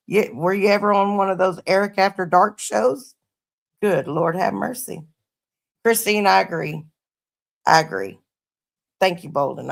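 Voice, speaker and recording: A woman's voice: mid-range voice, creaky. A middle-aged woman telling stories to her livestream viewers in a laid-back, profane, casual way. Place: her home.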